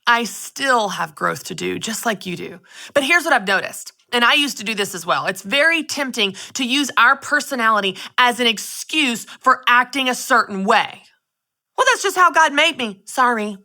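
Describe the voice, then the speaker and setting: A woman hosting her own show, giving a lively, expressive faith-based talk straight to her listeners. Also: a little high, moderate pace, vocal fry. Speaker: podcast host. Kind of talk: casual faith-based monologue.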